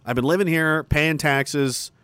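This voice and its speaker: A man's voice: on the high side, a little slow, a bit bright, clean tone, dry recording. A middle-aged Canadian man delivering a combative, profane, mocking monologue. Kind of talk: ranting monologue.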